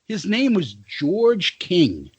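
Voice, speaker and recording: Middle-aged male podcast co-host, high and lively, laughs a lot, swears freely. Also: slow, husky, lo-fi sound. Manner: laughs through his stories, profane and animated. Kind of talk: casual chat, storytelling.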